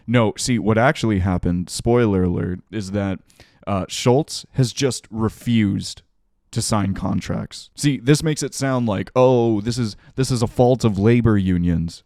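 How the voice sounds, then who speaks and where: Male streamer with a lowish voice, reading news aloud with sarcastic, profane asides; dry close sound. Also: darkish tone, no echo. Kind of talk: casual reaction commentary.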